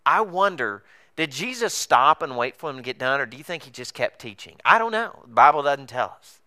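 A pastor preaching a sermon, telling a story with animated, acted-out dialogue. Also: male voice, a little fast. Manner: animated storytelling, acts out dialogue with big pitch swings.

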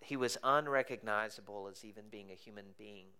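A male pastor preaching a sermon in a conversational, joking way, sometimes dropping to a hushed, intense tone. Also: fairly low pitch, fairly quick, smooth.

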